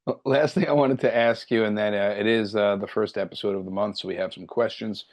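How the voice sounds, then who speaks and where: Dry, gravelly straight man interviewing the host of a comedy podcast. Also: fairly low pitch, fairly even intonation, fairly quick. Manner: dry, plays straight man with short reactions.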